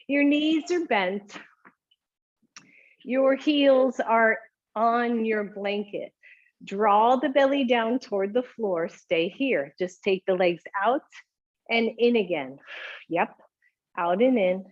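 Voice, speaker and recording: A woman's voice: on the high side, slow, pauses often, lo-fi sound. A woman teaching a home yoga class, giving encouraging cues with a chatty manner and frequent light laughs.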